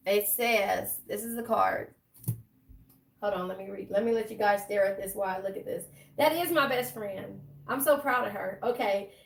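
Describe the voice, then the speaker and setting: Gravelly, chatty woman tarot reader. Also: medium pitch, normal speed, distant mic, a little hiss or hum. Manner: chatty, affectionate, emotional. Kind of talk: casual tarot reading to viewers.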